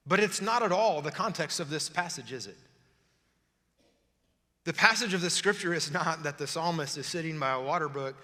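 Bright-voiced preacher in a reverberant hall. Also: male voice, a little high, normal speed. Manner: swings from loud emphatic preaching to hushed pleading prayer. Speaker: pastor. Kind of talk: sermon with altar call. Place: church sanctuary. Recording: music and long reverb of a hall.

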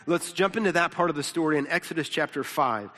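A man's voice: fairly high pitch, fast talker, a bit bright. A pastor teaching a sermon in a casual, conversational way, often repeating words and checking in with his listeners. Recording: long reverb of a large hall.

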